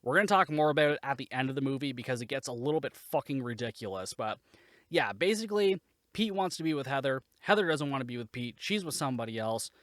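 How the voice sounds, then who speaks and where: A man's voice: medium pitch, animated, fast talker, a bit bright, no echo, clean studio sound. A man hosting a podcast, giving a casual, rambling and sarcastic spoken review, swearing freely. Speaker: podcast host, movie reviewer.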